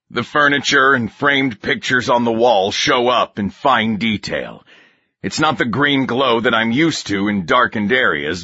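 A man reading a war novel aloud as an audiobook narrator, in steady, measured scripted narration. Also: lowish voice, breathy edge, dry recording, highs cut off.

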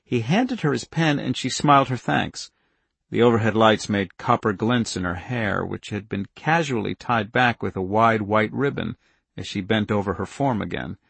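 A man reading a novel aloud in steady scripted narration, in a dry studio recording. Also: fairly low pitch, normal speed, vocal fry, slightly rough, no echo. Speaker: audiobook narrator.

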